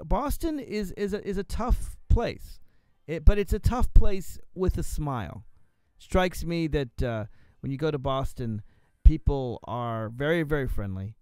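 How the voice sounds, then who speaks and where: A man hosting a radio talk show, musing out loud in a rambling way with many fillers and restarts, speaking into a studio microphone. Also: on the high side, clear, resonant tone, no echo. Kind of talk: solo radio talk monologue.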